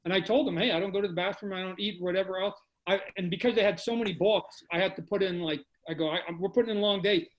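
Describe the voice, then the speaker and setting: High-voiced man telling lively stories. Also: fast, a little hiss or hum, rough recording. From Canada. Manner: animated, repeats phrases. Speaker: guest. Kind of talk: casual storytelling. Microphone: video call.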